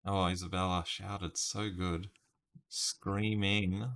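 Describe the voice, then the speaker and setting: A man's voice: low voice, level tone, slow pace, fairly bright tone. A man casually live-streaming a word puzzle, thinking aloud over his guesses and chatting with viewers by name. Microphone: webcam stream setup.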